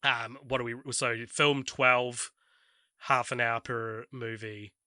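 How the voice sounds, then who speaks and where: A man's voice: medium pitch, fairly even intonation, slow, sharp tone, smooth, dry recording, clean studio sound. A man hosting a podcast in casual chat, talkative, laughing often and trailing off with fillers. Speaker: podcast host.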